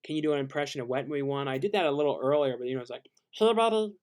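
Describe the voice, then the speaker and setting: A man casually hosting a live-stream Q&A, laid-back and halting as he reads out viewer questions and answers them. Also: medium pitch, steady tone, a little mellow.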